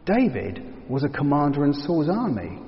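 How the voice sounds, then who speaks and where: A man teaching verse by verse through a Bible passage, reflective and explanatory, often dropping to a hushed tone for emphasis. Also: on the high side, wildly swooping pitch, moderate pace. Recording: dull reverberant hall sound.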